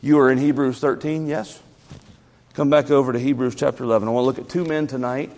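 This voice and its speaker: A man preaching a sermon in a church, lively, often repeating and stumbling over his first words. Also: mid-range voice, fast talker. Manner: animated, repeats words, stammers at starts. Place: church sanctuary. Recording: reverberant church hall.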